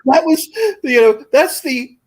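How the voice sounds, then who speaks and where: A man's voice: extremely high pitch, slow pace. Man telling a rowdy story. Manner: animated storyteller, laughing through his own anecdote. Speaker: guest storyteller. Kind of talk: casual chat.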